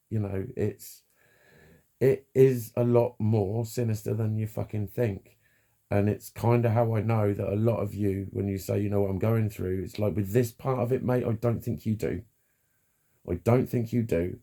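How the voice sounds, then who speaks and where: A man giving a frank, halting personal monologue, swearing freely and restarting his sentences. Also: lowish voice, warm tone. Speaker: vlogger.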